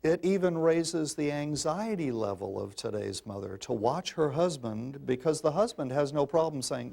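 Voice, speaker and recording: A man's voice: a little high, lively intonation, normal speed, vocal fry, hardly any pauses, mellow. An older man giving an emphatic public talk on parenting to an audience, calling listeners folks in a folksy, insistent manner. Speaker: parenting speaker.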